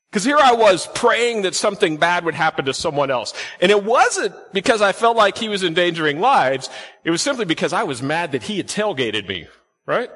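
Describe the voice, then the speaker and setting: A man's voice: high-pitched, a bit bright. A man preaching a sermon in a church, telling stories in a chatty way and asking the congregation questions. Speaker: pastor. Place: church sanctuary. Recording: long hall reverb.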